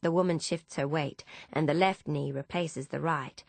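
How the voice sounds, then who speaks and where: Low-voiced woman narrating an audiobook. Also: fairly even intonation, moderate pace, vocal fry, dry recording. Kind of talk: first-person audiobook narration.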